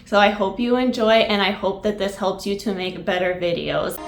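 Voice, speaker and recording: Woman with a stuffy nasal cold voice, upbeat tutorial host, gets excited about the tool. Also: medium pitch, normal speed, loud music behind the voice. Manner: upbeat, enthusiastic. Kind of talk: screen-recorded software tutorial.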